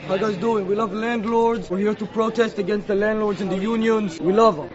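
Male prankster, very high voice, chanting mockery, lo-fi crowd clip. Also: steady tone, fast talker. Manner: mocking, chanting.

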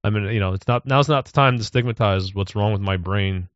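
A man's voice: lowish voice, fairly quick, dry recording, highs cut off. A man on a podcast talking in a mocking, sardonic way and mimicking people he scorns. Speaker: podcast co-host. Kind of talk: casual chat.

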